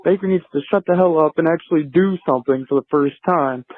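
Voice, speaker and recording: A man's voice: on the high side, quick pace, no echo. A man calling in to a sports show, angrily listing one complaint after another. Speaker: caller. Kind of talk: phoned-in rant. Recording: tinny phone line.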